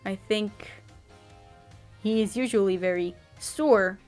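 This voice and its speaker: A woman's voice: medium pitch, takes it slowly, a little mellow, faint music behind. A woman streamer joking playfully through a let's play with goofy wordplay.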